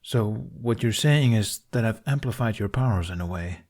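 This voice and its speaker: A man's voice: on the low side, normal speed, darkish tone. A man voicing a defiant young man with frost powers, talking with forced confidence and a slight tremor, in a fan fiction audiobook reading. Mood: sarcastic.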